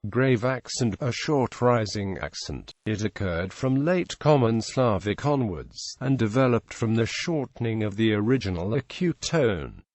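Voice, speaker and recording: Text-to-speech male reader for an encyclopedia video, animated pitch, dry close sound, reads every heading and mark aloud. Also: a little slow, hardly any pauses, no room sound. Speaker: narrator. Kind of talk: synthetic reading of an encyclopedia article.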